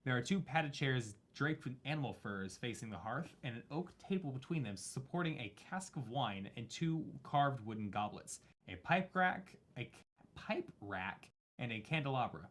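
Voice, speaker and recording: A man narrating a tabletop horror game as game master, halting and full of fillers and self-corrections. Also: medium pitch, animated.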